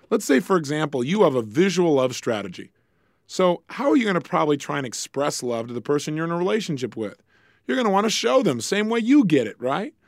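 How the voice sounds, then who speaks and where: Animated man giving a relationship talk. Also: on the high side, dry recording, studio quality. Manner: lively, acts out little dialogues with raised voice. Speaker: relationship speaker. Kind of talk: motivational lecture.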